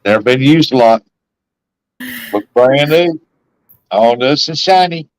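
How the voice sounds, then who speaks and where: A man's voice: mid-range voice, lively intonation, slow, dry recording, low-quality recording. Man chatting, dry close sound. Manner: rambling, laughs often. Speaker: live stream host. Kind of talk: casual chat.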